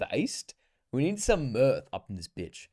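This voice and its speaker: A young man chatting casually on a live stream, slangy and profane, with sudden excited bursts. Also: medium pitch, slow, breathy edge, dry recording, clean studio sound. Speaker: livestreamer.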